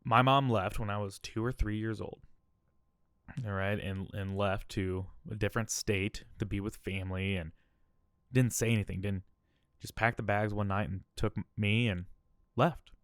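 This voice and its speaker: Low-voiced man telling a personal story. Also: steady tone, normal speed, no echo, studio quality. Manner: candid, emotional, often adds "all right?". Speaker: podcast host.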